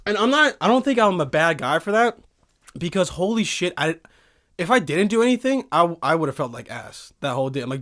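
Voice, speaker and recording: A man in his twenties hosting a casual podcast chat from a studio, excitable and profane, forever saying dude. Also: fairly high pitch, a little fast. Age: 20s. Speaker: podcast host. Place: recording studio.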